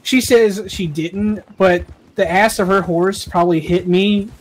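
High-voiced man chatting in a roleplay game. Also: unhurried, a little hiss or hum. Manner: animated storyteller, swears freely. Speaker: roleplay gamer. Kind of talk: in-character roleplay chat.

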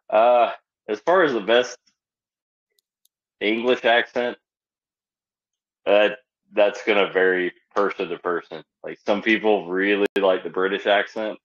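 A man as a guest speaker giving relaxed, easygoing advice in an online Q&A over a video call. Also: fairly low pitch, lo-fi sound.

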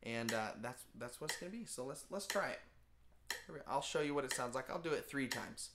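A man's voice: mid-range voice, animated, fairly quick, background noise. Male music teacher, patient and plain-spoken, casual beginner lesson. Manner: patient, explains simply with fillers. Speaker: band teacher.

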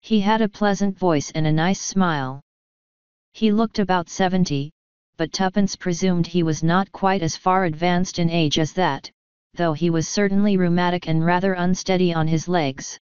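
Woman narrator, audiobook reading, very smooth voice, lowish pitch, dull lo-fi dry recording. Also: fairly even intonation, normal speed, darkish tone, no room sound. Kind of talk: scripted narration.

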